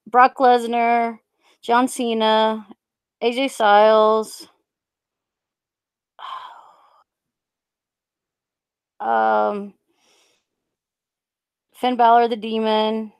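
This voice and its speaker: A young woman on a casual live stream, rambling and halting with lots of fillers as she reads out viewer comments into a USB desk mic. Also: a little high, level tone, creaky, clear, resonant tone, dry recording.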